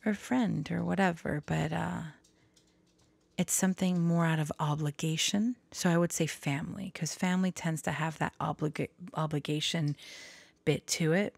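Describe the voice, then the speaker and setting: A woman's voice: low voice, creaky, dry recording. A woman vlogger talking candidly and hesitantly to her viewers, often dropping into a whisper. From Florida. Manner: soft, hesitant, confiding, drifts into whispers. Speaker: tarot vlogger. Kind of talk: candid personal talk to camera.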